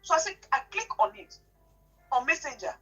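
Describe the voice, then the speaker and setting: A woman, telling an emotional personal story in an animated, indignant way, often repeating herself. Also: high-pitched, a little fast, dull audio, soft background music. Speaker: guest telling her story.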